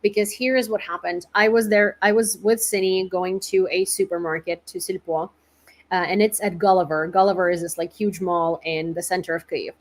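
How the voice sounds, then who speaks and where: A woman's voice: fairly low pitch, steady tone, moderate pace. A woman hosting a casual news commentary livestream, talking informally with many fillers. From Ukraine. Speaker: independent reporter and host.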